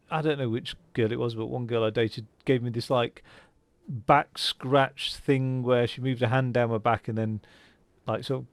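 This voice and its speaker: A man's voice: mid-range voice, dry recording. A man giving casual, rambling commentary while playing a game, with lots of fillers and restarts. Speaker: gaming channel host. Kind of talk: casual let's-play commentary.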